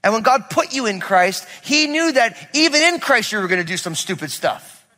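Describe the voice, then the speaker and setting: A male pastor preaching a sermon to a congregation, telling a personal story and building to loud, emphatic preaching. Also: high-pitched, big pitch swings, moderate pace. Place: church sanctuary with congregation. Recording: long reverb of a large hall.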